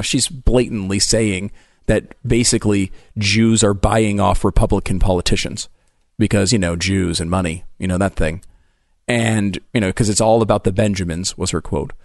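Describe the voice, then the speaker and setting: A man co-hosting a talk radio show, arguing his points quickly with a wry edge. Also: on the low side, a little mellow, dry recording, studio quality. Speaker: radio co-host. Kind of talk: casual political talk radio banter.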